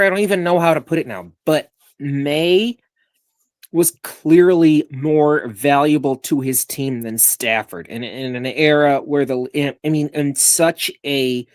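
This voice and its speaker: A man on a video call co-hosting a sports talk show, with a middle-pitched voice and a dry sound. He rambles and gets worked up, and sometimes swears. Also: dry recording. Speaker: co-host.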